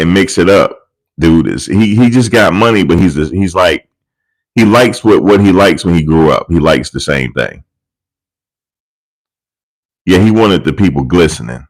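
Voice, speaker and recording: Low-voiced and captured on a low-quality recording, this commentary channel host rambles through profane, amused celebrity stories into a desk USB mic.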